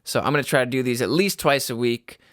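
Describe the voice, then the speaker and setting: A man's voice: medium pitch, fast talker, a bit bright, dry recording, clean studio sound. A young man hosting a casual solo podcast, rambling and swearing, laughing at himself. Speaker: podcast host. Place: a home room.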